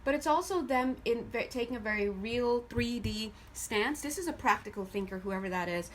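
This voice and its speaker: A woman with a somewhat high voice reads tarot cards in a loose, conversational way. She chats straight to her viewers and talks in an animated manner. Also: normal speed, slight background noise. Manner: addresses viewers directly. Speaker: tarot reader. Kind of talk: casual spoken tarot reading to viewers.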